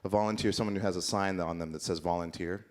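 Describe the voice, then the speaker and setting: A man's voice: low voice, fairly even intonation, fast talker. A man performing an improvised comedic monologue on a conference stage, rambling in a mock-earnest, absurdist way.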